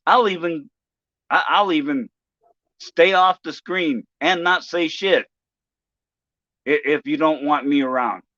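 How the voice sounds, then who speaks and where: A man talking on his own livestream, ranting in a halting, profane way with many restarts. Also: fairly high pitch, pushed and bright, no room sound, muffled recording. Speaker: live streamer. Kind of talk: casual livestream rant.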